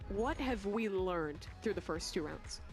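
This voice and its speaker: A man's voice: high-pitched, lively intonation, measured pace. Guy hosting a live game event stream, plugs stuff, teases his cohost dry, music faint behind. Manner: promotional, dryly teasing. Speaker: event host.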